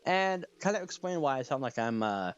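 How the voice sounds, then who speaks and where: A man's voice: medium pitch, very animated, normal speed, smooth, highs cut off. A man hosting a podcast in casual chat, with a slight lisp, laughing often and restarting his sentences. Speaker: podcast host.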